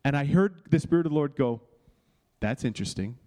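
A man's voice: on the high side, fast, mellow, clear, resonant tone. A man pastor teaching in a sermon style, earnest and confessional, often restarting phrases and checking in with listeners.

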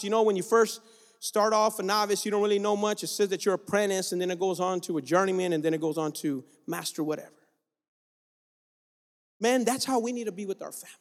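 A male guest preacher delivering an exhorting sermon, calling out to the congregation in a church sanctuary. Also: high voice. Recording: long reverb of a large room.

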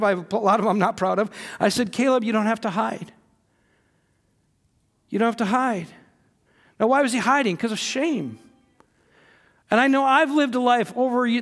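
Earnest high-voiced male pastor preaching. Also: fairly bright tone. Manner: earnest storytelling, rising to emphatic peaks. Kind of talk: sermon.

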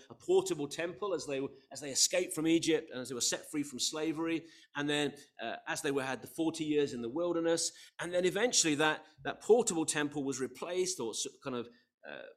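Earnest male preacher, swelling and softening. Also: mid-range voice. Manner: earnest, rising to emphatic peaks then dropping soft. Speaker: pastor. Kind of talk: sermon.

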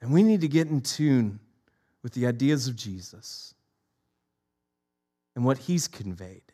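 A man in his forties preaching a sermon, telling stories with lively repeated phrases. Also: mid-range voice, unhurried, breathy edge.

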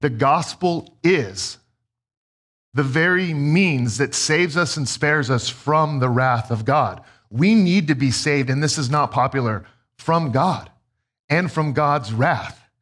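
A man in his thirties preaching a sermon as a pastor, telling stories in a conversational, self-deprecating way. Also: slow. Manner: conversational, self-deprecating storytelling with lively pitch swings.

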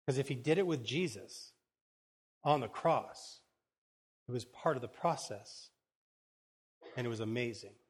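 A male pastor delivering a sermon, his voice sitting in a mid range. He talks with loose, excited enthusiasm. He often trips over and repeats his words. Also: mid-range voice, measured pace, long pauses, slightly rough.

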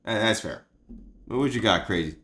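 Loud hype guy host, swears a lot, voice jumps all over the place. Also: lowish voice, expressive, normal speed. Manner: bombastic, swearing, mock-hyped delivery. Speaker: podcast host. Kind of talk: comedic sports podcast rant.

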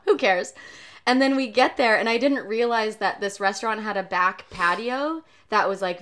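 A young woman co-hosting a casual chat, telling stories and laughing often. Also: mid-range voice. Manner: chatty storyteller, laughs often.

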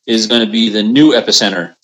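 A remote podcast guest calls in over video and tells stories in an easygoing, casual chat packed with fillers. His lowish voice is fast and a bit bright with fairly even intonation, on a low-quality recording.

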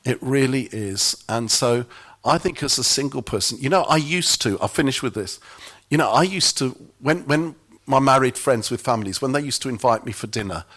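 Brief: middle-aged man, church speaker, wry self-mocking storyteller, mid-pitched voice. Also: moderate pace, fairly bright tone. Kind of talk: anecdotal sermon talk.

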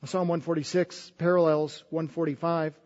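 A man's voice: a little high, flat delivery, normal speed, darkish tone. A man preaching a sermon in an earnest way, often repeating words as he goes. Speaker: pastor. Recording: dull sound with long hall reverb.

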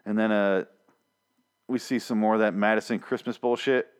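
A man's voice: on the low side, steady tone, normal speed, clear, resonant tone. Profane, exasperated man ranting. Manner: profane, exasperated, acts out characters in mocking voices. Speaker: TV episode reviewer. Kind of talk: casual recap rant.

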